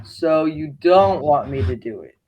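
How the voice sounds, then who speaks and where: A man playing a relaxed, scatterbrained casting assistant who talks in a casual, offhand way, over a video call. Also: fairly high pitch, unhurried, muffled recording. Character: laid-back, scatterbrained young male casting assistant.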